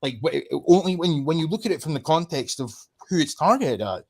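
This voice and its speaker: A man's voice: a little high, animated, fairly quick, a little mellow. A Scottish man hosting a casual chat, rambling and sweary, with heated remarks.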